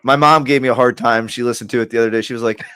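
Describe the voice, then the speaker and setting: A man's voice: medium pitch, steady tone, very fast, bright, forceful tone, clear, resonant tone, no echo, clean studio sound. A man hosting a sports podcast, easygoing and joking in casual chat. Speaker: podcast host.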